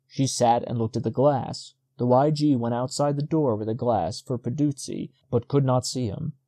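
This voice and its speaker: A male audiobook narrator reading a short story at a steady, measured pace. His voice sits in a middle pitch with a warm, mellow tone. The recording is close and dry. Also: dry recording. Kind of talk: scripted narration.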